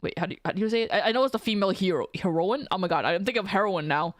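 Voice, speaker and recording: A woman's voice: medium pitch, very fast, dry recording, studio quality. A woman streamer giving casual let's-play commentary in a goofy, giggly, self-mocking way.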